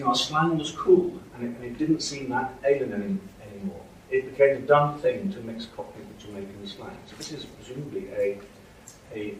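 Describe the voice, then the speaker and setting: A man's voice: mid-range voice, darkish tone, slight background noise. A man giving a university lecture, hesitant with frequent fillers and restarts. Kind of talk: academic lecture. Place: lecture hall. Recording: echoey hall from far off.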